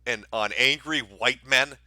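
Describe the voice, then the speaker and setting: A man's voice: mid-range voice, a little slow, bright, forceful tone, no room sound. A man hosting a commentary show, talking in a mocking, sarcastic, profane way.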